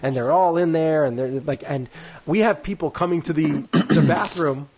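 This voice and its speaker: A man's voice: a little high, moderate pace, slight background noise. A man co-hosting a casual podcast, telling a long story in a rambling way full of "like" and "you know," and acting out the people he quotes. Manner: acts out quoted people in lively voices. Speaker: podcast co-host.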